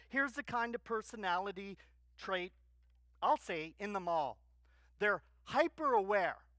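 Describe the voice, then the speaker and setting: A male pastor delivers a sermon at an unhurried pace, with a bright, forceful voice. He keeps posing questions to the congregation and answering them with emphasis. The sound is close and dry. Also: sits high, no echo. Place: church.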